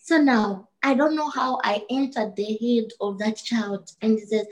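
A woman telling her personal testimony, halting and emotional, with frequent restarts. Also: a little high, steady tone, darkish tone, low-quality recording. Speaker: guest sharing her testimony.

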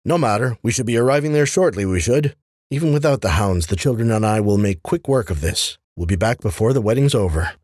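A man voicing a burly older woman cart driver with a gravelly, grinding voice and a folksy, sardonic drawl. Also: lowish voice, expressive, fairly quick, a little mellow, dry recording, studio quality.

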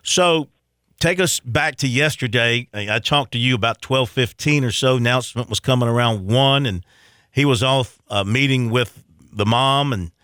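A man's voice: medium pitch, normal speed, a bit bright, clean tone, no echo, studio quality. A man hosting an interview, asking loose, casual questions with lots of fillers. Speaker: radio host.

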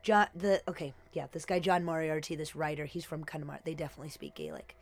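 A woman's voice: sits low, animated, fast talker. A young woman joins a podcast as a guest in a basement studio, chatting with enthusiasm and laughing often. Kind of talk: casual chat.

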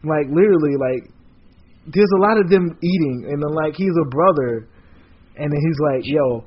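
A man chatting as a podcast guest, rambling excitably and packing his talk with "like". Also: fairly high pitch, moderate pace, husky, muffled recording. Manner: excitable, rambling, heavy use of "like". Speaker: podcast guest, comic artist. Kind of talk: casual chat.

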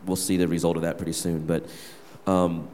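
A man's voice: sits low, little pitch movement, fairly quick, darkish tone, slight background noise. A young man, a worship leader, candidly telling a personal story to his church gathering. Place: church hall. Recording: reverberant hall.

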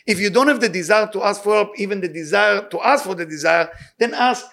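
A man giving an impassioned sermon and telling a story, repeating his key words and speaking loose, halting English. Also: sits high, creaky, fairly bright tone. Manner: loose, halting non-native English grammar. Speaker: rabbi giving weekly inspiration.

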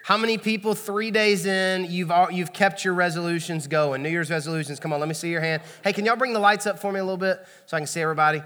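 A man's voice: high-pitched, fairly even intonation, fast talker, hardly any pauses, sharp tone. A man preaching a sermon in a church auditorium, talking to the congregation in a conversational way and asking them for responses. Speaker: pastor. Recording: long hall reverb.

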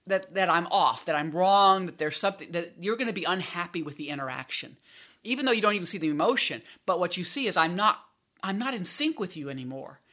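A woman's voice: on the low side, lively intonation, a little fast, bright, forceful tone. A woman professor as an interview guest, explaining research conversationally and often restarting her sentences. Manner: explanatory, self-correcting restarts. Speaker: business school professor, guest.

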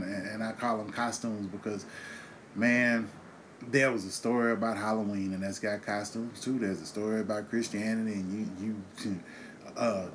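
A lowish male voice comes through over background noise. He's a podcast host in his thirties, ranting on his own show in an impassioned monologue with angry, profane emphasis and pointed rhetorical questions.

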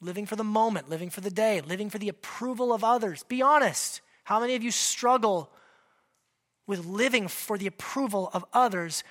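At normal speed, a male pastor delivers his sermon in a high, bright, forceful voice. His style is animated and chatty, with direct questions to listeners and humorous asides.

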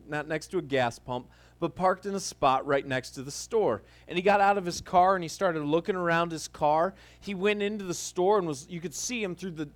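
High-voiced man telling a church story. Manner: storytelling, conversational with restarts. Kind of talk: casual sermon-style talk.

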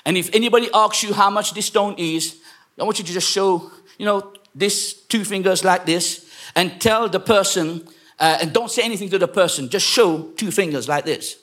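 A man from England preaching a sermon to a congregation, telling a story and then shouting exhortations. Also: high-pitched, normal speed. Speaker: pastor. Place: church.

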